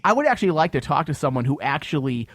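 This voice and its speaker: A man's voice: on the high side, sing-song, fast, a bit bright, dry recording, clean studio sound. A man hosting a casual comedy talk show, reading news stories aloud, mocking them and laughing often. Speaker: host.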